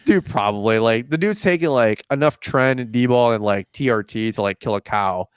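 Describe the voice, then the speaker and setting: Young guy hosting a podcast, chatty and animated, smooth voice, dry sound. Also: mid-range voice, moderate pace, no room sound. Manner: animated storyteller, acts out dialogue, says "like" often. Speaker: podcast host. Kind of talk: casual chat.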